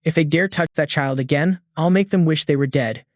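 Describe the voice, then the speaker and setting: A man's voice: on the high side, a little fast, a little mellow, no room sound, clean studio sound, natural voice. A man voicing a stern, protective male cavalry commander, speaking coldly and firmly. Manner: cold, firm.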